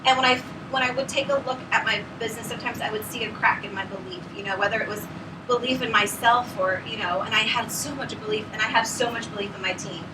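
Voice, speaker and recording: A woman's voice: a little high, steady tone, fast talker. A woman in her thirties gives an earnest, tearful thank-you speech as a newly promoted area manager, rambling with many fillers. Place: meeting room with audience. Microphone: camera at the back of the room. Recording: distant camera in a meeting room, noisy.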